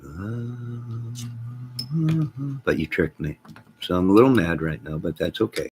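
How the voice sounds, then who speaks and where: A middle-aged man hosting a casual livestream, reading viewer comments aloud, rambling and joking deadpan with sudden loud outbursts. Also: a little slow, slight background noise. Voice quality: gravelly, husky low voice.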